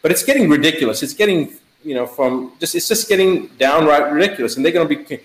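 Middle-aged male doctor guest, emphatic and animated, casual, roomy echo. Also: on the high side, quick pace. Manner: animated, emphatic, repeats words in lists. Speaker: physician guest. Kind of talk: casual chat.

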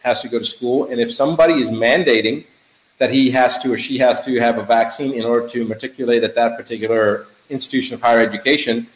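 A middle-aged man, a physician guest, talking in a casual chat in an animated, emphatic way, piling up words in lists. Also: medium pitch, quick pace, echoey room, low-quality recording.

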